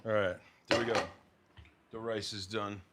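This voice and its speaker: In a very noisy recording, a young US cooking vlogger with a lowish voice and level tone talks at a moderate pace. He's plating food at home in his kitchen, chatting casually with his partner and viewers.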